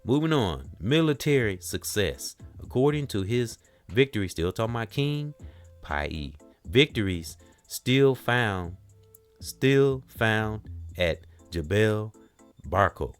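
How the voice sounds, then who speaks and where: A man hosting a casual talk, reading notes aloud haltingly, spelling out names letter by letter and stumbling over words. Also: on the low side, big pitch swings, soft background music. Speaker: host.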